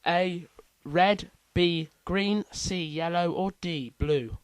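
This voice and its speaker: A man's voice: high-pitched, slow pace, smooth, no room sound, rough recording. A man hosting a casual quiz, reading out multiple-choice options with playful asides. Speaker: quiz host.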